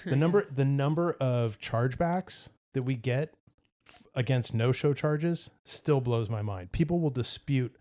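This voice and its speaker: A man's voice: medium pitch, unhurried, warm tone. A man co-hosting a podcast, chatting casually in a wry, matter-of-fact way. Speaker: podcast co-host. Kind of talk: casual chat.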